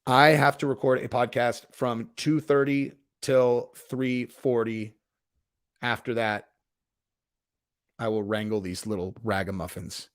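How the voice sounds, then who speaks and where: A man's voice: mid-range voice, steady tone, takes it slowly, dry recording. A laid-back man chats with his live audience from home and throws "dude" into nearly every line. He swears freely and keeps a mid-range voice. The recording is close and dry. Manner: profane, laid-back, says "dude" constantly. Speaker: streamer host. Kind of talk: casual live-chat stream. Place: home in Texas.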